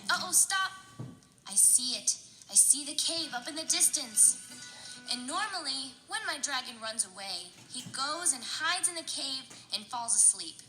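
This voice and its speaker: A woman leading a children's storytime, chanting and coaxing her young listeners along in an animated, sing-song way. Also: sits high, normal speed, music in the background. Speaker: children's librarian.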